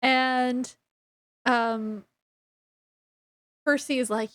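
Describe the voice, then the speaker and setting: A woman's voice: high-pitched, fairly even intonation, slow pace, no room sound. A woman book reviewer casually recapping a story, chattily retelling scenes in quoted dialogue.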